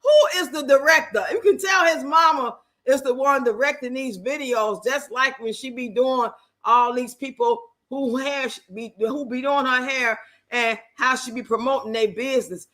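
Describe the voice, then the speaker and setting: A woman talks straight to her viewers on a live stream with a bright, cutting tone. She's blunt and salty, and she tosses out slang and jokes while she reads their messages aloud. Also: high voice, normal speed. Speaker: livestreamer reacting to videos and reading chat. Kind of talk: casual live stream chat.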